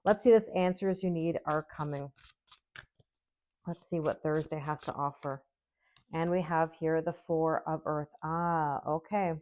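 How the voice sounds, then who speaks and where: Her voice is low-pitched and a little mellow, with fairly even intonation and a measured pace. A middle-aged woman, she reads tarot casually, chatting warmly and reassuring the listener with regular "okay?" and "right?" check-ins.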